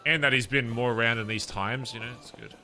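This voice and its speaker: Over soft background music, a man from England rambles to his stream viewers during a roleplay game, making self-mocking jokes and laughing at them. He speaks briskly in a medium-pitched voice that sounds pushed and bright.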